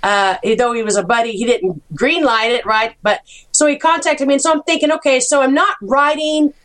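A middle-aged American woman, an author, chatting casually and telling animated stories about her writing. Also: sits high, moderate pace. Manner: animated storyteller, acts out quoted voices. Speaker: author guest. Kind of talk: casual chat.

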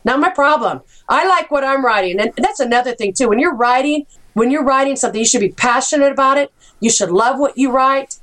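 Middle-aged American woman author, animated storyteller with a fairly high voice, casual chat. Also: a little fast, few pauses. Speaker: author guest.

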